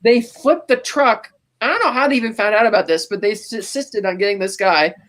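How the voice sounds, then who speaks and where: This is a podcast co-host telling a film scene beat by beat over a video call. The delivery is chatty and animated. Bits of dialogue get quoted along the way. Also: medium pitch, fairly quick. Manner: animated storytelling, quoting scenes in passing. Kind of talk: casual movie recap chat.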